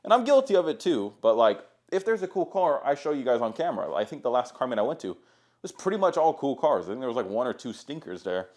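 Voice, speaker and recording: A young man talks straight to his viewers in a loose, rambling way and swears freely. His voice sits at an ordinary middle pitch. He sounds like a car content creator swapping stories. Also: very animated, fast, darkish tone. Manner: profane, laid-back, rambling. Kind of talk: casual storytelling to camera.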